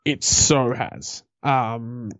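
A man co-hosting a podcast, giving blunt opinions in casual chat and telling stories with animated put-on reactions. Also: mid-range voice, very slow, dry recording, muffled recording. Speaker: podcast co-host.

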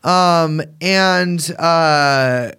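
A man's voice: on the high side, extremely slow, pushed and bright, clean tone. A man co-hosting a podcast in casual, joking chat, rambling with restarts and swearing. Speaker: podcast co-host.

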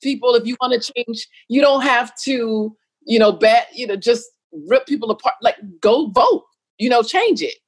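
A middle-aged woman talking casually as an interview guest, animated and quick to act out what others said. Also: on the high side, breathy edge. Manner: animated, jumps between quoted voices and laughs.

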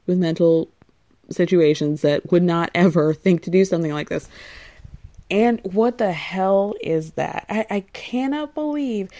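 Chatty woman podcast host, mellow voice. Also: lowish voice, no echo. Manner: chatty, laughs often, blunt asides. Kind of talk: casual recap chat.

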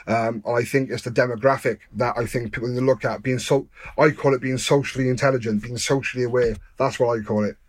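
A man's voice: mid-range voice, fairly even intonation, quick pace, hardly any pauses, no room sound. A young man from Wales, a guest in an interview who tells his story candidly and earnestly, with frequent fillers.

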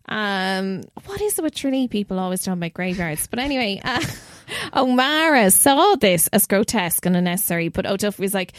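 A young Irish woman hosts a podcast, telling a story in a chatty, animated way and swearing freely. Her pitch sits in the middle. The recording is dry and close, with no room sound. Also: fairly quick, hardly any pauses, dry recording. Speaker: podcast host. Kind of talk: casual storytelling.

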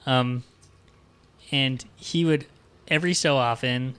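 A man's voice: mid-range voice, steady tone, slow pace, fairly bright tone, clean tone. A man in his thirties hosting a podcast, ranting and cursing casually while reading passages from a book aloud. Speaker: podcast host. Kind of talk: casual comedic book discussion.

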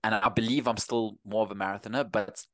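A South African running coach in his thirties chats easygoingly as a guest in a casual interview, rambling and often restarting his sentences. His voice is on the low side, with a steady, bright, forceful tone, and he talks fast. There's no echo.

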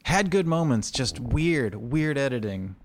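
A man co-hosting a casual recap podcast, sardonic, with quick asides. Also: mid-range voice, animated, a little hiss or hum. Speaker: podcast co-host.

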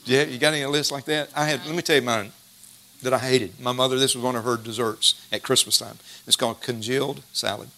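A middle-aged man preaching a sermon, folksy and storytelling, slowing down to stress scripture verses. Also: medium pitch, steady tone, bright, forceful tone, slight background noise.

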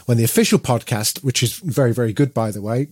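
A man's voice: mid-range voice, fast, a little mellow, no room sound. A man from the United Kingdom co-hosting a podcast, talking in a chatty, rambling way with many fillers and restarts. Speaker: podcast co-host. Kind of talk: casual podcast chat.

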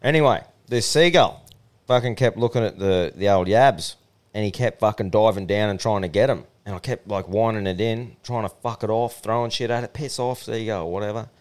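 A man's voice: fairly low pitch, fairly quick. A man with an Australian accent co-hosting a podcast, telling crude, laid-back yarns in casual banter. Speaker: podcast co-host.

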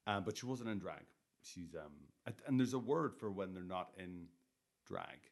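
Deep gravelly guy rambling on a podcast, swears a lot, takes the piss out of himself. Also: big pitch swings, normal speed. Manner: sweary, rambling, self-deprecating. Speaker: podcast co-host, wrestler. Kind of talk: casual chat.

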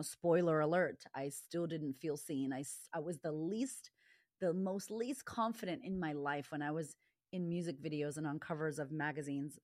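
Middle-aged woman guest, low pitch, dry close sound, candid and emphatic storytelling. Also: no echo. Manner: emphatic, quick bursts, animated when quoting herself. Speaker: guest, confidence coach.

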